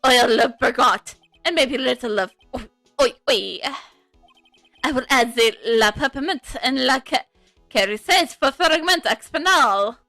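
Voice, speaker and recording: A woman's voice: sits high, lively intonation, a little slow, sharp tone, dry recording, faint music behind, exaggerated voice. A woman voicing a flamboyant male French restaurant owner in a mock French accent, gushing and fumbling her words.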